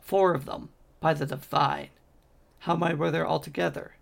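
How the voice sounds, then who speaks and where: A man's voice: fairly high pitch, steady tone, moderate pace, gravelly. A man voicing a female angel of vengeance who speaks in an earnest, pleading way. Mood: distressed.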